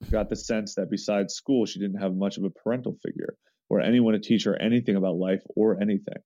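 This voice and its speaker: A man's voice: lowish voice, fairly even intonation, quick pace, mellow, dry recording. A man reading a forum story aloud in the first person, earnest and sometimes restarting his sentences. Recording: dull lo-fi sound.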